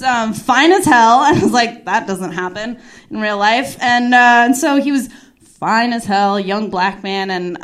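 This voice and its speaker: Higher-voiced woman rambling through stand-up. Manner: rambling, self-deprecating, lots of "like" and restarts. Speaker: stand-up comedian. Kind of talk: stand-up storytelling.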